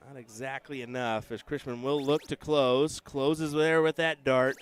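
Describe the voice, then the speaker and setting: A man giving relaxed, chatty live commentary on a darts match, with joking asides about himself. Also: fairly high pitch, normal speed, few pauses, a little hiss or hum. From United States.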